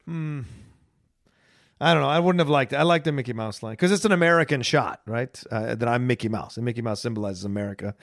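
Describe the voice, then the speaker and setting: Gravelly man in casual film chat. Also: medium pitch, fast talker, no echo, studio quality. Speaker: podcast co-host.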